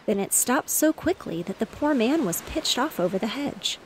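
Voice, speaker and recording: Woman reading a gentle mother, caring and concerned, with faint waves behind. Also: a little high, expressive, normal speed, a little hiss or hum, close to an everyday voice. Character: caring mother of two young children.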